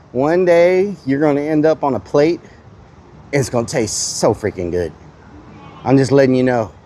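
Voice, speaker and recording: A man's voice: medium pitch, lively intonation, moderate pace, mellow, slight background noise. A man hosting a livestream outdoors at a petting zoo, goofily teasing the animals. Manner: goofy, teasing animals, bleats at them. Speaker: livestream host. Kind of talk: casual livestream chatter.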